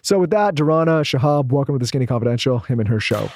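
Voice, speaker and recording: A man's voice: medium pitch, lively intonation, quick pace, music in the background. A man co-hosting a podcast, chatting casually and cutting in with teasing jokes. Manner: joking, teasing interjections. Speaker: podcast co-host. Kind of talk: casual chat.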